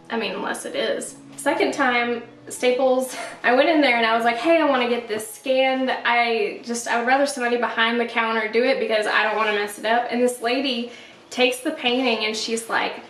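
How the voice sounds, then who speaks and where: A young woman vlogging casually from her home art studio, rambling and chatty with lots of fillers. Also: on the high side. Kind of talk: casual storytelling vlog. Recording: roomy, from a distance, music under. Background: soft background music.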